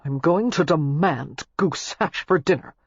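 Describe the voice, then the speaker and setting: A sardonic young gentleman speaks in short, dry, impatient lines, as an audiobook reader puts him on. The voice is husky and the delivery clipped. The audiobook recording is dull and lo-fi with a dry, close sound. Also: mid-range voice, expressive, moderate pace, no echo. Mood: grumbling. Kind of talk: audiobook character voice.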